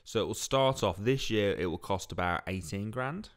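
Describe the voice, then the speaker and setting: Deadpan man, low voice. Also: normal speed. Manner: dry deadpan humour. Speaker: podcast co-host. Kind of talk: casual chat.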